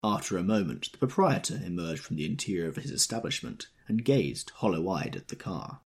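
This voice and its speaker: A man reading an audiobook in scripted narration, expressive and measured. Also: sits low, breathy edge.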